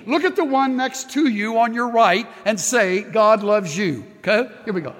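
A man's voice: sits high, normal speed, few pauses, fairly bright tone, long reverb tail, a little hiss or hum. A man preaching a sermon as pastor, impassioned and emphatic, leading the congregation in call-and-response during an altar call. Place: large church sanctuary.

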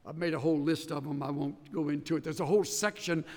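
A man teaching a Bible study class, emphatic and animated, walking his listeners through each step. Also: on the high side, fast, big-room sound.

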